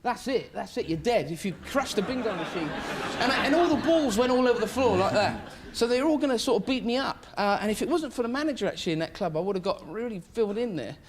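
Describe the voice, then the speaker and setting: A male comedian talks in a very high, excitable voice and laughs through his rambling anecdotes. A studio audience murmurs and laughs behind him, and the room is noisy. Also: fast talker, hardly any pauses, some chatter behind. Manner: rambling, laughing storyteller who acts out voices. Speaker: comedian guest. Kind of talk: animated anecdote telling on a chat show. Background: audience laughter and noise.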